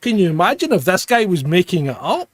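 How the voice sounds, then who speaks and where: A man's voice: sits high, sing-song, fairly quick, no echo. A man hosting a podcast in casual chat, blunt and plain-spoken, with some swearing. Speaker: podcast host.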